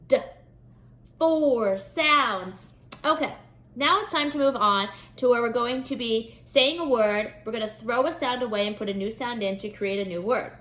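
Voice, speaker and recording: A woman teaching a first-grade phonics lesson from home, sounding out word parts slowly and clearly for parents and children. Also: fairly high pitch, pushed and bright. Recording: echoey room.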